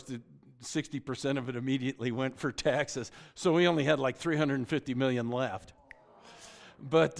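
A middle-aged man preaching a sermon, telling the story with joking asides and often restarting his sentences. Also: a little high. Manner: frequent stammered restarts. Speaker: pastor.

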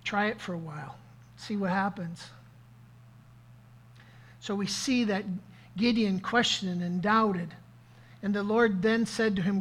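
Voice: medium pitch, measured pace, long pauses, a bit bright. Pastor preaching live; interactive, call-and-response, repeats key lines for emphasis. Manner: interactive, asks the audience questions, repeats key phrases. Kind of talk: sermon to a live congregation.

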